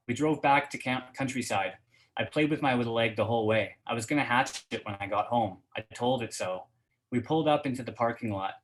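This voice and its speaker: Male reader, mid-pitched, steady fiction reading, halting chat in between. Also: poor audio. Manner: steady first-person reading, hesitant with fillers when chatting. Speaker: guest reader. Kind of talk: reading fiction aloud at an online reading event.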